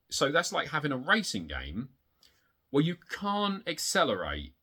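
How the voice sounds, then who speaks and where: Animated, husky man ranting. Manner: excitable, swearing, rants with big pitch jumps. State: hot and sweaty. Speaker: retro game collector vlogger. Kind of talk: casual rambling show-and-tell.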